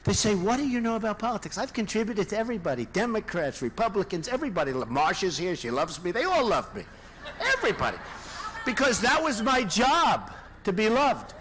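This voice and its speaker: Lively high-voiced man rallying a crowd. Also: a little fast, a little hiss or hum. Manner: rambling, repetitive, with asides to the crowd. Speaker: presidential candidate at a rally. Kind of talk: off-the-cuff rally speech. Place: large indoor rally venue.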